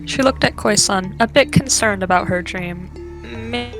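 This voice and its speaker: A woman player quietly reading her part of a roleplay in a subdued way. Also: medium pitch, normal speed, over music. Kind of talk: casual roleplay narration.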